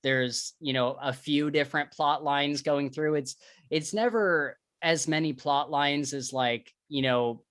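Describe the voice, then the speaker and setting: A man co-hosts a podcast, talking about books in a casual, eager way, with lots of filler words. His voice is a little high and fairly bright at a measured pace, recorded at studio quality with no room sound.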